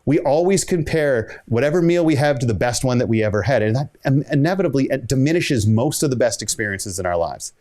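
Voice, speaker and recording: A man's voice: medium pitch, expressive, brisk, hardly any pauses, darkish tone. A man delivers a motivational keynote in an easy, conversational way, with a mid-range voice. He builds his points through a personal story and acts out what each person in it said. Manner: conversational, builds stories with quoted dialogue. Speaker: keynote speaker.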